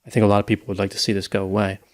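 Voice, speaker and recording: A man's voice: on the low side, flat delivery, very fast. A man co-hosting a casual podcast discussion, thinking aloud and hedging with "I think" and "you know.". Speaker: podcast co-host.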